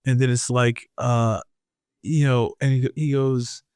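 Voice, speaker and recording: A man co-hosting a podcast, retelling a comic plot in a halting, filler-heavy way. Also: medium pitch, steady tone, a little mellow, smooth, no echo, studio quality. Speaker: podcast co-host. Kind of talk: casual comics discussion.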